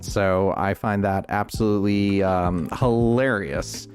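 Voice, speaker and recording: A man with a Northeastern US accent and a low, deep voice chats casually over a game stream. He rambles thoughtfully and often restarts his sentences. Soft music plays faintly behind him. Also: fairly even intonation, slow pace. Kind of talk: casual gameplay chat.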